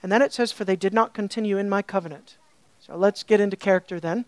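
A woman teaching a sermon, animated and full of rhetorical questions to her listeners. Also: medium pitch, quick pace, no room sound. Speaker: Bible teacher.

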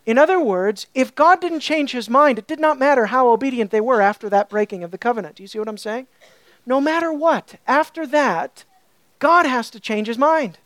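A woman teaching a sermon, animated and full of rhetorical questions to her listeners. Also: sits high, dry recording. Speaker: Bible teacher.

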